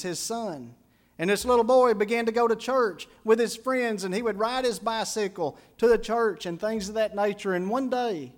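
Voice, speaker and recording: A male pastor preaching a sermon, telling a story dramatically, voicing the people in it, and leading a quiet prayer. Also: high voice.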